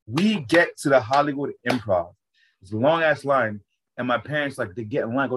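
A man's voice: mid-range voice, fast, a bit bright, low-quality recording. A man, a stand-up comedian, telling a casual story, rambling and swearing often. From Florida, USA.

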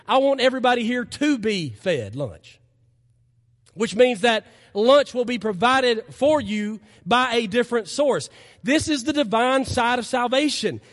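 A man's voice: very high-pitched, long reverb tail. A man preaching a sermon as pastor, earnest and emphatic, his voice rising in impassioned stretches, recorded in a church sanctuary.

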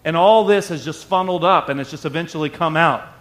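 High-voiced preaching man. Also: fast. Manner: conversational preaching, acts out everyday voices. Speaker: pastor. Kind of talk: sermon.

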